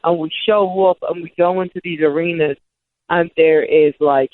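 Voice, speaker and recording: A woman's voice: fairly low pitch, fairly even intonation, normal speed. A woman in her thirties telling long personal stories as an interview guest, rambling with frequent restarts. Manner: rambling, self-correcting restarts. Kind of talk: candid storytelling. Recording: tinny phone-like line, dry.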